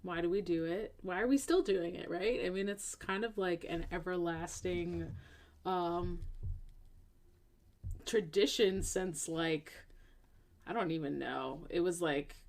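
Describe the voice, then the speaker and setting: A woman co-hosting a casual podcast, chatty and explanatory, filling gaps with ums and little tag questions. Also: fairly low pitch. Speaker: podcast co-host. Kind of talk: casual chat. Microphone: earphones in.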